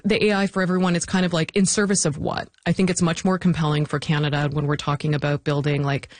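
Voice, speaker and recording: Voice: medium pitch, flat delivery, fast. A guest in a conversational interview who talks thoughtfully and animatedly, with restarts and short laughs, into a close microphone. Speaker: interview guest, technology policy commentator.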